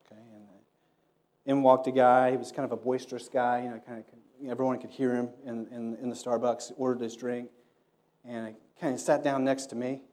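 A man's voice: medium pitch, little pitch movement, brisk, darkish tone. A man preaching a sermon in a conversational way, telling stories and acting out the voices of people he quotes. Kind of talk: sermon with storytelling.

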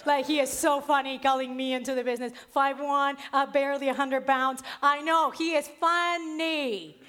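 A woman preacher with an accent, giving a sermon and telling a personal story in a lively way with frequent laughs. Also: high voice, normal speed. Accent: non-native accent. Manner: lively storytelling, laughs often, stresses key words.

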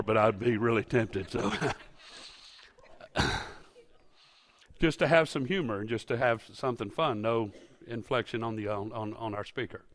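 A man preaching a sermon in a church, folksy and storytelling, rising to loud emphatic peaks. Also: mid-range voice. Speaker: pastor. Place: church sanctuary.

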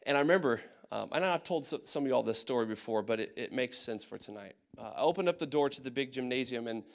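A young man from Indiana telling a personal story of army service to a gathering, animated, with many fillers and acted asides. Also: mid-range voice, quick pace, gravelly. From Indiana, USA. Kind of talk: personal testimony talk.

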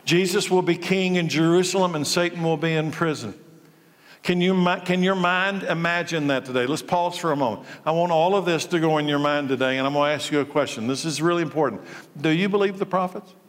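A man's voice: a little high, a little fast. A male pastor preaching a sermon, emphatic and full of rhetorical questions. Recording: long reverb of a large hall.

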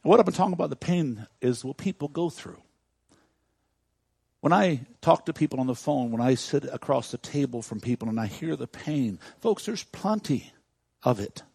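Preaching pastor, hushed to shouting. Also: male voice, medium pitch, animated, normal speed, gravelly, breathy edge, no room sound. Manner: swings from hushed intimacy to loud shouting preaching. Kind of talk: sermon. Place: church.

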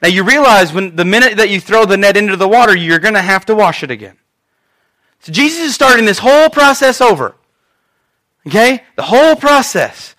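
High-voiced, bright male preacher. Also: brisk. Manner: animated, conversational storytelling. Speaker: pastor. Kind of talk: sermon.

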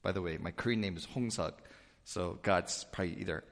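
A man's voice: deep voice, fairly quick, gravelly. Man preaching in a reverberant hall. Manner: conversational preaching, rising to emphatic peaks then dropping soft. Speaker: pastor. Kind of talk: sermon.

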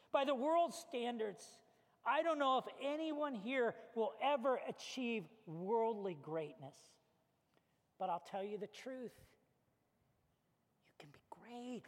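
A man preaching a storytelling sermon as pastor, animated and conversational with casual fillers. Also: very high voice. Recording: long hall reverb.

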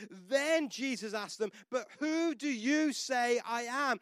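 A male pastor with a notably high voice delivers a sermon that moves from personal storytelling to emphatic declarations. The sound is close and dry, with no room around it. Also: takes it slowly, hardly any pauses, fairly bright tone, no room sound.

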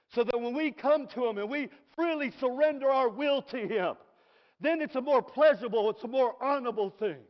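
A middle-aged man preaching a sermon in an animated way, dropping to soft asides and rising to shouted praise. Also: extremely high pitch. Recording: dull recording in a reverberant hall.

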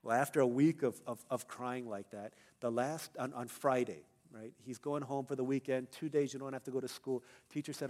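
A young male pastor preaching a sermon, telling a personal story and building to loud, emphatic peaks. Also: mid-range voice, normal speed, hardly any pauses.

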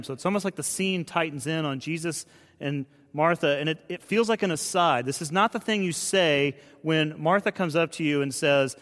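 A man's voice: on the high side, normal speed. Earnest male pastor in a reverberant hall. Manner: conversational, earnest preaching with hushed, dropping phrases. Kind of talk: sermon. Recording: long reverb of a large hall.

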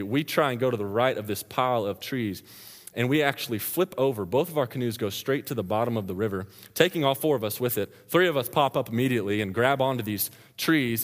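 A man preaching a sermon, telling a story with lively energy and laughing as he goes. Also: mid-range voice. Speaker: pastor. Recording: long reverb of a large hall.

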